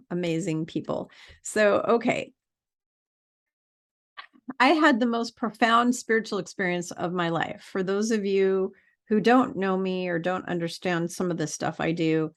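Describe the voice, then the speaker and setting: Woman spiritual teacher, low-ish voice, rambling earnest vlog talk. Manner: earnest and rambling, many fillers. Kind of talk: casual spiritual vlog monologue.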